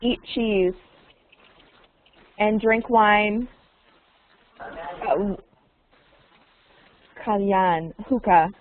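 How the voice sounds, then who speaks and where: A woman teaching English online, speaking slowly and deliberately and repeating key words so learners can follow. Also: mid-range voice. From United States. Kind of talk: online language lesson. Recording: tinny phone-like online call audio.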